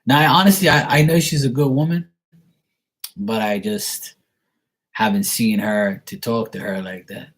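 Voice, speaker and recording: A man's voice: mid-range voice, a little slow, slightly rough. A man from Bermuda with a Bermudian accent, rambling chattily in a casual vlog as he answers viewer questions. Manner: chatty, digressive, mimics other people's voices in quotes.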